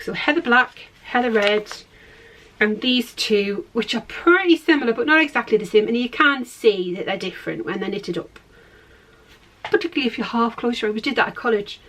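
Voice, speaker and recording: Chatty middle-aged woman, slightly high voice. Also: fairly bright tone. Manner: rambling, chatty and self-deprecating; shows knitting to the camera while talking. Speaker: knitting podcast host. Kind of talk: casual chat.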